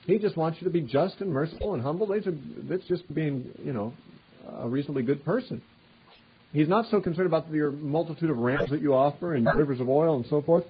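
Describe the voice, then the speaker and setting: A man's voice: fairly high pitch, fairly quick, slight background noise. A man teaching through a Bible passage verse by verse, reading the verses aloud with rising emphasis and then explaining them in a casual, conversational way. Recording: dull lo-fi recording.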